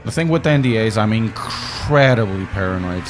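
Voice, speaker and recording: Male sim racing streamer, lowish voice, restless and self-interrupting, faint engine hum behind. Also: animated, moderate pace. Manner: fidgety, self-interrupting, talks to chat while fixing audio. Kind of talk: casual live stream chat while driving.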